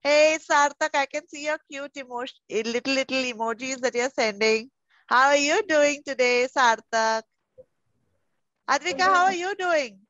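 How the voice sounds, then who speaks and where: This is a woman with an Indian English accent leading an online class for small children. Her voice sits high and bright, close and dry. The sound comes through a muffled video call as she coaxes each child affectionately. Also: normal speed, no room sound. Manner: coaxing, affectionate, calls children darling. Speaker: pre-school teacher.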